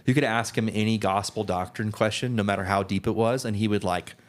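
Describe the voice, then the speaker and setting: A man's voice: on the low side, fairly even intonation, brisk. A young man co-hosting a podcast, telling rambling stories in casual chat with lots of fillers. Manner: rambling, many restarts and "like" fillers. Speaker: podcast co-host.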